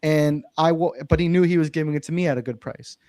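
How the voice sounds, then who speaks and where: A man's voice: a little high, fast, dark tone, dry recording, studio quality. A young man, a real estate investor, earnestly telling a personal story as a podcast guest. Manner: earnest, emphatic, swears it's true. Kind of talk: casual interview storytelling.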